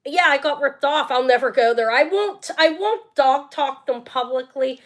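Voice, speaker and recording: A chatty woman runs a casual live sales stream, her voice sitting a little high. She rambles freely and addresses viewers directly as she goes. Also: moderate pace, fairly bright tone. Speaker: jewelry seller hosting a live sale.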